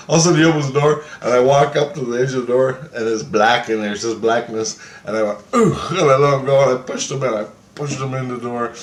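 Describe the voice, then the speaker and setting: A man casually telling a dream story in a rambling, profane way. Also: medium pitch. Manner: profane, rambling, acts out quotes. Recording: echoey room with faint background noise.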